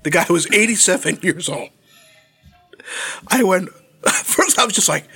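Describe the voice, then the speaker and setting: Lively, laughing man telling stories on a podcast. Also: sits high, unhurried, vocal fry, long pauses, slightly rough. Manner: profane, laughing storyteller. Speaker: podcast host. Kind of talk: casual podcast chat.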